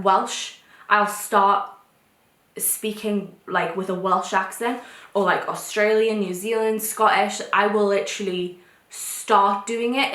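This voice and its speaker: Young woman, posh english accent, chatty vlog, talks in fast bursts, echoey room. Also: mid-range voice, a bit bright. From North East England. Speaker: vlogger. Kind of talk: casual talk to camera.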